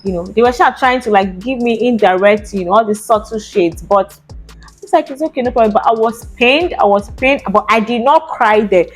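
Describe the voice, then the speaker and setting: A young woman with a Nigerian accent, telling a personal story in a chatty, animated vlog. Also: medium pitch, moderate pace, soft background music. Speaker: vlogger.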